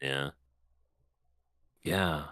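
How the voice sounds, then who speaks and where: A man co-hosting a casual podcast chat, animated, often jumping into high mock voices for laughs. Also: very slow, clear, resonant tone. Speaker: podcast co-host.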